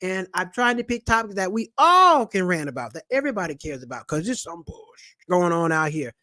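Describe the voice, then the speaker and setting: A middle-aged man rants about money straight to camera, animated and preachy, with plenty of street slang. His voice sits high for a man, recorded dry and close with no room sound. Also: fairly quick, dry recording. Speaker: channel host and comedian. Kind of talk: casual personal finance vlog.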